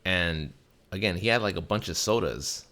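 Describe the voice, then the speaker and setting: At a moderate pace and in a low voice, a young man hosting a podcast recounts a laid-back, profanity-laced story, bringing each character to life with animated impressions.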